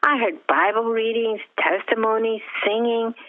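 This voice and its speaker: A woman guest telling her personal testimony with deep feeling, at times close to tears, quoting her own past thoughts. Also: fairly even intonation, moderate pace. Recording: tinny phone-like line.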